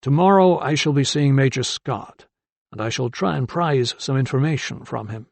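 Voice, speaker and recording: A man voicing a calm, tactful young male doctor in an audiobook, speaking in a measured way. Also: mid-range voice, creaky, no echo.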